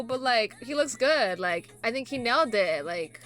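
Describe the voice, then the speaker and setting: A woman reacting casually to photos, rambling and full of fillers, gushing with excitement. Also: fairly high pitch, moderate pace, faint music behind. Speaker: K-pop reaction vlogger.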